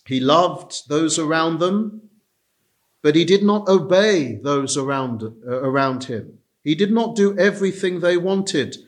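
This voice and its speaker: A man delivers an expository sermon in a somewhat raised-pitch voice. He speaks deliberately, stopping often with small hesitations as he unpacks each phrase. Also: animated. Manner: measured, deliberate, with frequent "uh" pauses. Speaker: preacher.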